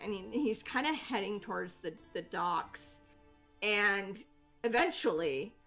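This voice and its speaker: Woman game master, casual narration, filler-heavy, mid-pitched, faint music under. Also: a bit bright. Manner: casual, giggly, many fillers.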